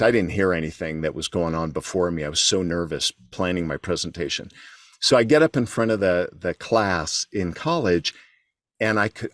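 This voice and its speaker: A man's voice: low voice, fairly bright tone, no room sound, studio quality. A middle-aged man, a guest on an interview show, telling a candid story about himself with frequent restarts. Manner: candid, self-deprecating, with restarts. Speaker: guest, keynote speaker.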